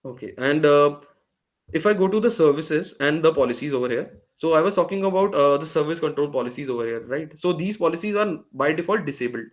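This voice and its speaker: A man's voice: fairly high pitch, lively intonation, a little fast. Man walking through a tech demo. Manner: explaining step by step with frequent fillers and restarts. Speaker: workshop presenter. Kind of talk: live screen-share tech demo.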